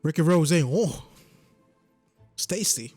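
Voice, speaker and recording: A man's voice: a little high, animated, slow pace, darkish tone, soft background music. A man in his twenties rambling and joking as he commentates a video game. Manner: rambling, joking, talks to himself. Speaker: gaming YouTuber.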